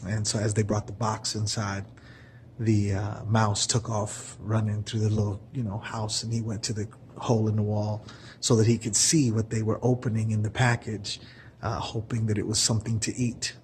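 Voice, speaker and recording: A man's voice: fairly low pitch, level tone, moderate pace, slight background noise. A man telling a story in a casual, earnest way, keeping his voice down, with many fillers. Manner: soft-spoken, keeping voice down. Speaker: vlogger telling a parable.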